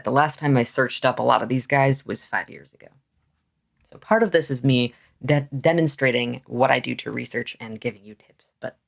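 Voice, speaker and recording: A man's voice: mid-range voice, creaky. A man hosting a history channel, chatting casually and thinking aloud with fillers and restarts as he explains things.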